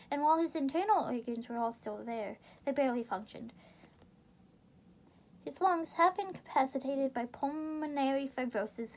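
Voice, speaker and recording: A woman reading a game novelization aloud in a relaxed way, breaking off into rambling, giggly side comments and soft whispers. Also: sits high.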